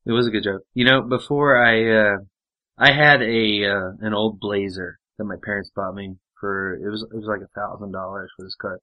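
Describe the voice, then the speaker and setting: A man's voice: on the low side, steady tone, moderate pace, dull audio. A man telling rambling, profane anecdotes in casual chat, with lots of fillers and swearing. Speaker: podcast storyteller.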